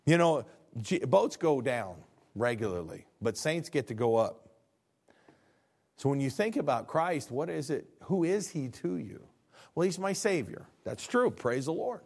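Animated middle-aged male pastor preaching. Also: unhurried, creaky, breathy edge. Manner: animated, acts out dialogues with God, swings from low to shouting. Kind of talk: sermon.

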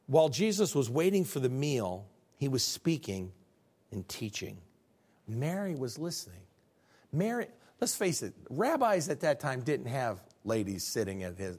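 A middle-aged male pastor delivering a sermon in a relaxed, conversational style. His slightly high voice rises and falls with lively swings as he questions the congregation and acts out the lines he quotes.

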